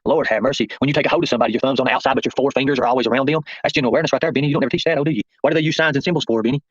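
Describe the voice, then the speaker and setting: Fast-talking confrontational man. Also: mid-range voice, steady tone, slightly rough, lo-fi sound. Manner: confrontational, addresses viewers and chat by name. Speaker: livestream host. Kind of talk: rambling livestream monologue.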